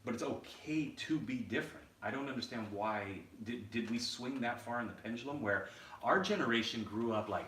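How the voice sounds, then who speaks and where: Speaking at a moderate pace in a medium-pitched, somewhat bright voice, a man co-hosts a podcast with lively, casual banter. He's blunt and opinionated and swears a lot, and the audio sounds echoey, distant and faintly noisy.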